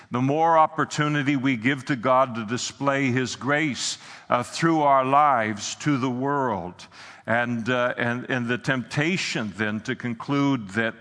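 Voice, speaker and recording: A man delivers an earnest sermon, stopping often for filler sounds and restarting his phrases. His voice is bright and forceful, and a long reverb trails after each phrase, as in a large hall. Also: mid-range voice. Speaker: pastor.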